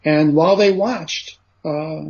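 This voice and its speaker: A man's voice: on the high side, slow, darkish tone. A man, a guest on an interview show, recounting a story at length in a rambling way, full of fillers and "he says" asides. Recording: dull lo-fi radio recording.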